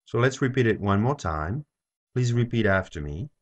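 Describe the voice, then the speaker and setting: A man teaching a French lesson, saying each phrase slowly and repeating it for learners to copy. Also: fairly low pitch, animated. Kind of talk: slow language lesson. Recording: dull lo-fi recording.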